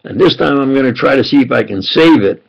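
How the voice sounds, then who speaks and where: Gravelly older man rambling on. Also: medium pitch, expressive, fast, dull audio. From United States. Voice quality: gravelly, husky. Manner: meandering, with frequent fillers and restarts. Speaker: self-styled preacher recounting memories. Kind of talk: rambling spontaneous monologue.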